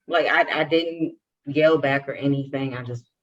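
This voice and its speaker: A woman's voice: extremely low pitch, steady tone, moderate pace. A young adult woman co-hosting a podcast, telling a personal story and acting out the dialogue with animation. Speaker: podcast co-host. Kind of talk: casual chat, personal story. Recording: dull lo-fi sound.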